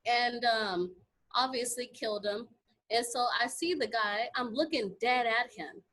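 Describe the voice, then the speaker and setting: A young adult woman co-hosting a radio talk show, telling an animated story with plenty of cursing. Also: on the high side, measured pace, poor audio. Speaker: radio co-host. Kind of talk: casual radio banter.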